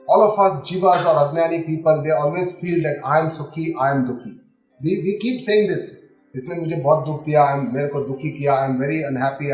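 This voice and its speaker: A middle-aged man with an Indian English accent, giving a calm lecture on scripture and repeating key terms as he explains them. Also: a little high, roomy sound, poor audio. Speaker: spiritual teacher.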